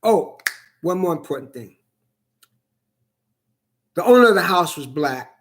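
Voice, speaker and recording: Brief: high-pitched man, angry profane vlog rant, repetitive and heated. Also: animated, a little slow, a bit bright. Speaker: vlogger. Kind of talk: angry ranting monologue.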